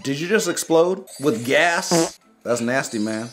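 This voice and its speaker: A young man giving casual, joking commentary while playing a mobile game, reacting loudly and making sound effects. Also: a little high, animated, measured pace, faint music behind.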